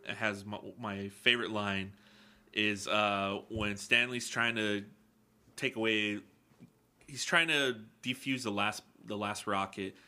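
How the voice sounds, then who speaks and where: Bright-voiced young man, casual rambling. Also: on the low side, fairly even intonation. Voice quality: rambling, profane, quick to laugh. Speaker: podcast host. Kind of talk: casual chat.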